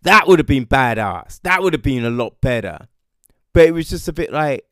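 A man's voice: high-pitched, sing-song, a little slow, no room sound, studio quality. A man with a British accent giving a casual, sarcastic rant about a TV show, swearing freely. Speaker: TV show reviewer. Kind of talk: casual ranting commentary.

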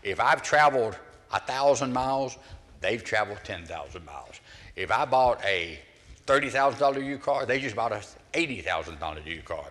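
Older Southern male pastor, low-pitched, animated sermon storyteller, reverberant hall. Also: normal speed. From American South. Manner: storytelling, animated delivery with acted-out voices.

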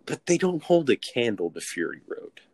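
A man co-hosting a casual chat, playful and enthusiastic, quick to laugh. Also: mid-range voice, sing-song, dry recording.

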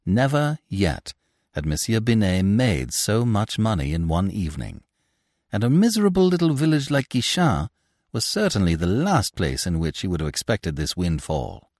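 A male narrator reads a classic novel with a very lively pitch that rises and falls. His voice sits fairly low and sounds close and dry. The reading is dramatic throughout. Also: moderate pace, no echo.

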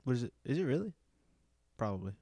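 A man's voice: mid-range voice, big pitch swings, quick pace, mellow, dry recording, studio quality. A man in casual chat, laughing easily and defending his side playfully.

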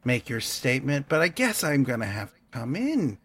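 A man voicing a smug, shady old male mage who speaks in a smooth, mock-polite way. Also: medium pitch, very animated, moderate pace, fairly bright tone.

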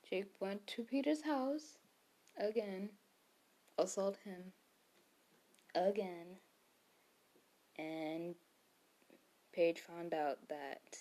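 A woman's voice: lowish voice, mellow. A woman retelling a story in casual chat, rambling with fillers and self-corrections, and sometimes dropping to a whisper for quotes.

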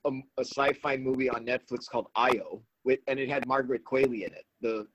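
A man in casual chat with a lively, laughing manner. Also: medium pitch, brisk, no echo, dull audio. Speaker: podcast co-host.

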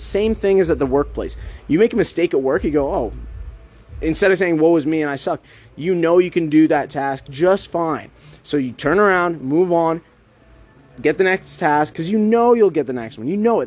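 Upbeat man talking straight to listeners. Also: on the high side. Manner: energetic, direct addresses to listener. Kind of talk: casual monologue.

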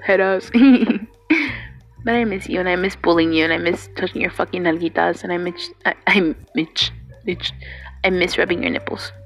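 A woman's voice: on the low side, steady tone, normal speed, faint music behind. A young woman recording a personal video message to her partner, rambling and swearing freely, with Spanish words mixed in. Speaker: vlogger addressing her partner.

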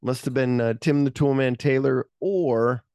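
A man's voice: medium pitch, fairly even intonation, measured pace, darkish tone, no room sound. A man co-hosting a podcast, recapping a movie in casual profane chat and acting out the scenes in quoted voices. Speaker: podcast co-host.

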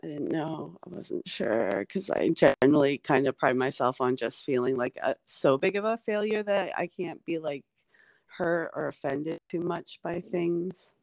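A woman's voice: low voice, measured pace, vocal fry, a little mellow, no echo. Rambling woman comedian, dry close sound. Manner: rambling, lots of "like" and "um" fillers. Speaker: stand-up comedian, guest. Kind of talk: casual podcast chat.

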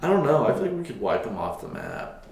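A man's voice: medium pitch, sing-song, fast talker, darkish tone. Laid-back man in an echoey room. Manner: laid-back, joking, laughs often. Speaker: podcast co-host. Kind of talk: casual joking chat. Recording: echoey room, faint noise.

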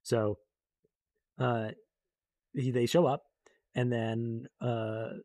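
A man's voice: mid-range voice, flat delivery, extremely slow, dark tone, no echo. A young man casually recapping a book in a rambling way, full of fillers, and briefly acting out the characters he quotes.

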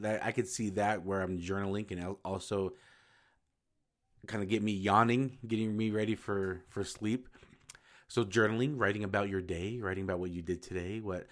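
A low-voiced man talks through his solo podcast in a loose, unscripted way. He wanders, restarts phrases and fixes his own words as he goes. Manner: rambling, self-correcting, informal. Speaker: podcast host. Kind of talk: casual solo podcast talk.

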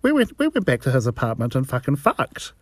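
A man's voice: medium pitch, wildly swooping pitch, fairly quick, dry recording. Man, New Zealand accent, profane and wry storyteller, dry close sound. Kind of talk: personal storytelling monologue.

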